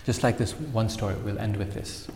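Low-voiced man telling a fable in a sermon. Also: moderate pace, a little hiss or hum. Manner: animated, sprinkles in Sanskrit terms. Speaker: spiritual speaker. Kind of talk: sermon with storytelling. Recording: echoey hall with long reverb.

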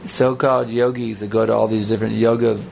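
Male speaker, gravelly, mid pitch, casual joking sermon style, faint hiss behind. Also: level tone, quick pace, darkish tone. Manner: conversational, rambling, joking asides. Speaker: spiritual teacher. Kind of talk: sermon with audience banter.

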